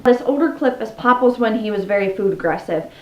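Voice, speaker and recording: A woman's voice: medium pitch, lively intonation, brisk. A woman vlogger explaining how to tame parrots in a casual, upbeat way, cooing at her birds between tips, recorded at home. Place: indoor room at home with pet birds. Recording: roomy, slightly dull home recording.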